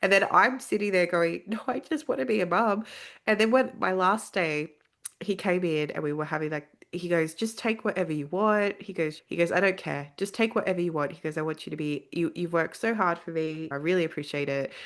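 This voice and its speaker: A woman's voice: fairly low pitch, a little fast, few pauses. A woman guest on a podcast, telling a personal story in a casual way and acting out the other people's lines as she goes. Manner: animated, acts out quoted dialogue.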